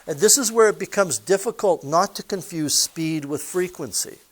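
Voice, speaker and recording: A man teaching physics with a rather high-pitched voice. He talks in a relaxed, chatty way and keeps asking his listeners questions. He also slips in stories from his own life. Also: moderate pace. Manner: chatty, asks the audience questions, tells personal stories. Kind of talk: recorded classroom lesson.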